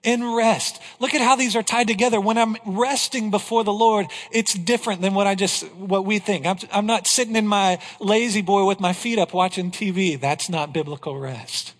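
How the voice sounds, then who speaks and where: A man with a high voice preaches a sermon, driving his points home with rhetorical questions and then dropping low and quiet on the lines that matter. His voice carries a long reverb from the church hall around him. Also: normal speed, few pauses. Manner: emphatic preaching, rhetorical questions, drops to a hush for key lines. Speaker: pastor. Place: church sanctuary.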